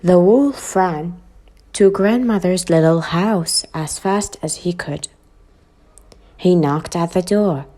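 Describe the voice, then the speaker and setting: A woman whose first language is Arabic, reading a children's story aloud for an English lesson and repeating each vocabulary word twice, slowly and clearly. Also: on the low side, warm tone. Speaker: English teacher. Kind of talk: slow read-aloud lesson with word drills.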